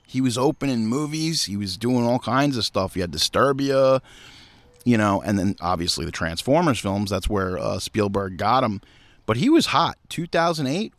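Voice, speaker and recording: A man hosting a podcast outdoors in casual chat, animated and riffing, with frequent swearing. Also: medium pitch, normal speed, no room sound. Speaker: podcast host.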